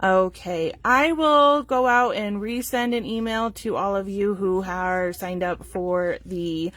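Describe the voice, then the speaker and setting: With a medium-pitched, slightly bright voice and no echo, a woman hosting a sewing store's casual live stream reads out class details slowly. Her delivery is chatty and packed with fillers.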